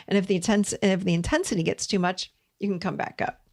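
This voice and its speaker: A middle-aged woman hosting a solo podcast as a therapist, gently coaching listeners through exercises. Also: mid-range voice, fairly even intonation, fast, creaky. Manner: gentle, coaching, speaks imagined dialogue softly.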